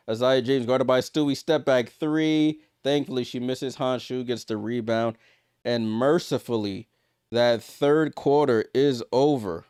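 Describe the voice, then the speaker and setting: A man with a smooth, mid-range voice hosts a livestream watchalong, calling a basketball game in an exasperated, disbelieving way. He alternates loud outbursts with muttered asides. The audio is dry and studio quality.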